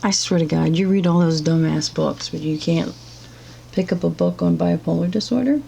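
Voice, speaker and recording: A woman's voice: on the low side, moderate pace, gravelly, dark tone, a little hiss or hum. A woman giving blunt, profane and sarcastic reaction commentary as a vlogger.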